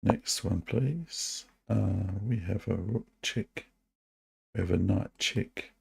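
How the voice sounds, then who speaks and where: A man with a New Zealand accent streaming online chess, muttering to himself as he plays and gently mocking his own moves. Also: on the low side, slow pace, vocal fry, husky. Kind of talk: live online chess commentary.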